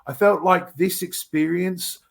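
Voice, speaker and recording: English man, Essex, fairly high voice, energetic, rambling, restarts a lot, interview guest. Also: a little slow, creaky. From Essex, England. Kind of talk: animated anecdote telling.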